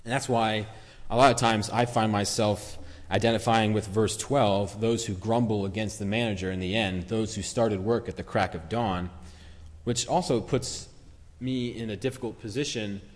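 Male preacher, lower voice, easygoing sermon delivery, long church reverb. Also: fairly even intonation, normal speed. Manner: conversational, reflective, with acted-out quotes.

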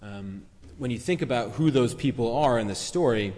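A man's voice: mid-range voice, lively intonation, normal speed, a little mellow, big-room sound. A man giving a sermon in a conversational, reflective way, acting out short quotes as he retells a story. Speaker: preacher.

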